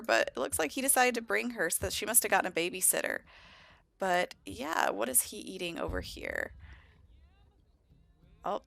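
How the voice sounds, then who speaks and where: A woman giving casual let's-play commentary, chatting about her sims and voicing their conversations in quick asides. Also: medium pitch, gravelly, fairly bright tone, no room sound. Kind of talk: casual gameplay commentary with voiced character dialogue.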